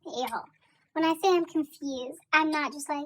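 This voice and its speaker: A woman's voice: sits high, steady tone, moderate pace. A young woman chatting casually into her phone, reacting to a TV finale, giggly and exasperated, full of likes and y'alls. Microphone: phone held at arm's length.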